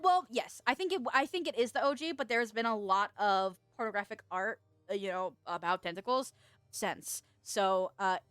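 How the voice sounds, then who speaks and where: A woman's voice: fairly high pitch, fairly bright tone, clear, resonant tone, no room sound. A woman VTuber streamer chatting casually with her viewers, rambling, laughing often and swearing freely. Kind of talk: casual livestream chat.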